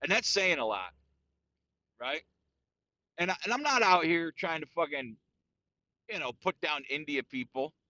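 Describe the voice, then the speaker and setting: Lively, bright-voiced man ranting crudely. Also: a little high, a little slow, long pauses, dry recording, highs cut off. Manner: crude, profane and boastful, peppered with "dude". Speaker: podcast host. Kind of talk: casual solo podcast rant.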